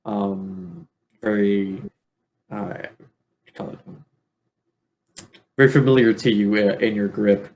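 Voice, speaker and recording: A man's voice: lowish voice, slow, pauses often, darkish tone, a little hiss or hum. A man narrating as game master of a tabletop game, laid-back and laughing, with many fillers.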